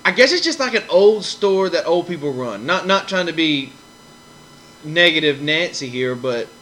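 A man's voice: on the high side, animated, moderate pace, bright, forceful tone, poor audio. A man hosting a podcast, telling a long story in a rambling, casual way, repeating himself and acting out other people's lines. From American South. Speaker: podcast host.

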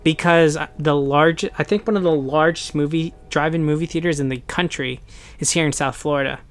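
A young American man chatting casually on a podcast, animated and quick to slip into playful voices. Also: a little high. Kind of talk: casual chat.

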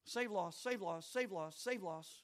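A man preaching a sermon, swinging between shouted fervor and quiet, folksy asides to his listeners. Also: high-pitched, measured pace. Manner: addresses listeners directly, folksy.

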